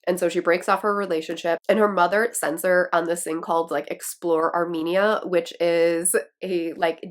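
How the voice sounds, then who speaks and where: Brief: woman, Wisconsin accent, lowish voice, bubbly casual book-vlog chatter. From Wisconsin, USA. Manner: chatty and excitable, self-deprecating laughs. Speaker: book vlogger. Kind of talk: casual chat to camera.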